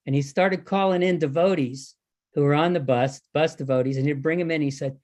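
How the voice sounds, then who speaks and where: Older man telling a lively anecdote. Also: fairly high pitch, brisk. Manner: animated storytelling, acting out quoted exchanges. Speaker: devotee recalling service. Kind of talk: anecdotal talk at a reunion.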